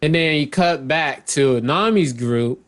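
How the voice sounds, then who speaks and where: A man's voice: fairly high pitch, slow. A man casually recapping and commenting, rambling and often correcting himself mid-sentence. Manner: loose, rambling, self-correcting, reads out character lines. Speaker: manga chapter reviewer.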